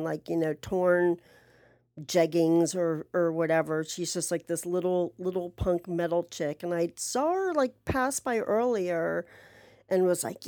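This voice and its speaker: A woman telling a rambling story in a casual monologue, chatty and animated, with sarcastic asides and swearing. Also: fairly low pitch, no room sound, studio quality.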